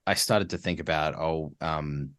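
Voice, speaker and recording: A man from Australia, a guest voice actor, chatting in a relaxed podcast interview, laughing easily and restarting words as he thinks. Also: very deep voice, unhurried, clean tone, no room sound.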